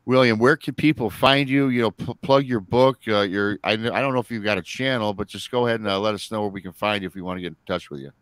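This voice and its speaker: Male podcast host, smooth low voice, chatty. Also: fast, hardly any pauses, fairly bright tone, no echo. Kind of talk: casual interview.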